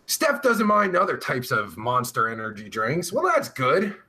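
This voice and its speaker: A man hosting a live stream and reading out chat messages, rambling and crude, full of swearing and filler words, with drawn-out groans of pleasure. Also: medium pitch, huge pitch swings, pushed and bright.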